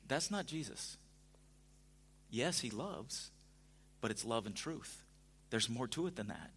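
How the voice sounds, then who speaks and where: A man preaching a sermon in a conversational way, dropping to a hush at times and rising to emphatic points. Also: medium pitch, sing-song, takes it slowly, pauses often, husky. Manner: conversational, swings from hushed to emphatic. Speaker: pastor.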